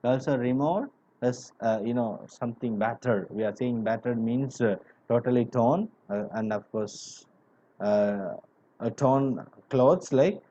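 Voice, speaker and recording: A man's voice: medium pitch, unhurried, dark tone, highs cut off, slight background noise. A male teacher explaining a story line by line to a class, paraphrasing words and checking that students understand. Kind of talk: classroom literature lesson.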